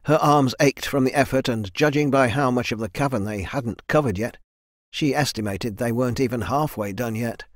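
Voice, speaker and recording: This fantasy audiobook is narrated by a man with a mid-range voice who reads the script in a calm, measured storytelling manner. The recording is dry, with clean studio sound.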